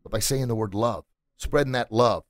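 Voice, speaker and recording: In a studio with no room sound, a middle-aged man hosts a motivational podcast through a studio mic. He speaks at normal speed in a mid-range voice, preachy and emphatic, hammering points by repeating words.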